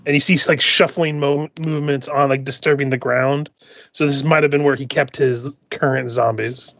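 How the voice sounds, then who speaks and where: A man's voice: medium pitch, steady tone, moderate pace, a bit bright. A man narrating as game master, describing scenes with many hesitant ums and restarts. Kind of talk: narrating a tabletop game over a call. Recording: dull lo-fi call audio, dry.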